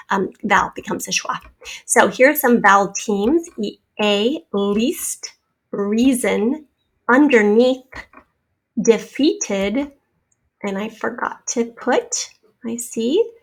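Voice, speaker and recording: A woman's voice: medium pitch, fairly bright tone. A woman teaching a spelling lesson, patiently sounding out words and letters as she draws on the screen.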